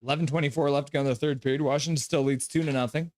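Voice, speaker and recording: A man's voice: on the high side, fairly even intonation, racing, a little mellow. A young man hosting a live stream, calling hockey play-by-play in a jokey, chatty way and reading viewer comments aloud. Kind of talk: live play-by-play and chat reaction.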